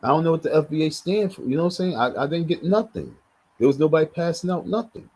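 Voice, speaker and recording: Man, husky voice, blunt and heated livestream commentator, repeats his points. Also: on the high side, lively intonation, quick pace, darkish tone, rough recording. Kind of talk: casual live commentary.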